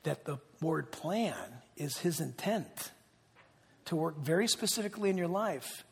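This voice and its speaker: A man's voice: fairly high pitch, lively intonation, a little slow, creaky, slightly rough. A man preaching a sermon as pastor, emphatic, prompting the congregation to repeat words back. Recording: long reverb of a large hall.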